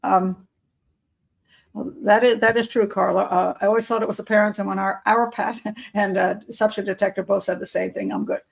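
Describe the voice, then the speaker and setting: Profiler host, woman, with a creaky voice and a middling pitch, reading reports with doubtful running commentary. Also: steady tone, brisk, rough recording. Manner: skeptical, muttering asides and self-corrections. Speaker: criminal profiler hosting a live show.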